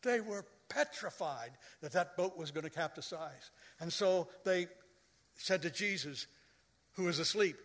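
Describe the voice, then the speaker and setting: A man with a high, bright voice preaches a sermon in a church sanctuary, taking his time over each phrase. He tells stories and then swells into loud, dramatic quoted lines. His voice rings out with a long reverb from the hall around him. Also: expressive, unhurried. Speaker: pastor.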